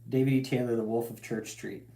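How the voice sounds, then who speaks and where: A man's voice: mid-range voice, a little fast, vocal fry, roomy sound, low-quality recording. Swearing, ranting man hosting a talk show. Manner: profane, animated ranting with lots of slang. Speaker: podcast host. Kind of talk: casual call-in talk show.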